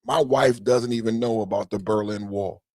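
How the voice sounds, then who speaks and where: A man's voice: on the low side, fairly even intonation, normal speed, no room sound, studio quality. Indignant man ranting on a podcast. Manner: indignant, builds to shouting, swears often. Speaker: podcast host. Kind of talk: political commentary rant.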